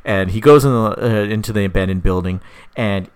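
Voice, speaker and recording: Young man on a podcast, lowish voice, dry close sound, rambling pitch full of fillers and swearing, casual chat. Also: brisk, clear, resonant tone, no room sound. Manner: rambling, profane, lots of fillers. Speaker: podcast co-host pitching a story idea.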